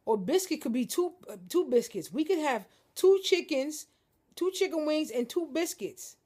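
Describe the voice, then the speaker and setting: A woman's voice: high-pitched, animated, normal speed, mellow. A young woman vlogging casually from her living room couch, joking and talking straight to her viewers. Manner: joking, playful, addresses viewers as y'all. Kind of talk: casual chat to camera.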